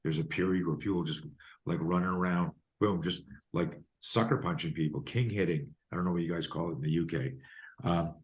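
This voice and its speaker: A man's voice: deep voice, fairly quick. A man in his fifties from Canada, telling stories emphatically as a podcast guest and self-defense coach. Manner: emphatic, animated storyteller. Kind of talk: podcast interview storytelling.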